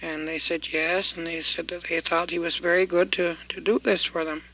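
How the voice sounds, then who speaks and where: A male storyteller relating an old folk tale in a relaxed, folksy way, filling his telling with "he says". His voice is fairly high and bright. He tells it at an easy, unhurried pace. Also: rough recording.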